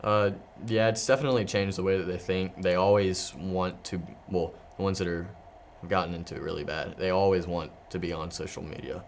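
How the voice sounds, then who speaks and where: A young man, a guest on a youth discussion show, speaking thoughtfully and haltingly, searching for words. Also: low-pitched, steady tone, a little hiss or hum. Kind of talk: casual discussion.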